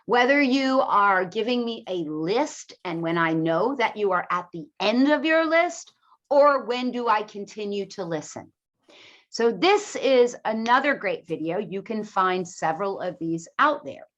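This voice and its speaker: A woman's voice: mid-range voice, measured pace. Woman teacher, emphatic, lo-fi recording. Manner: clear, emphatic teaching voice with lively intonation. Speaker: ESL teacher. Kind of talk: presentation to teachers.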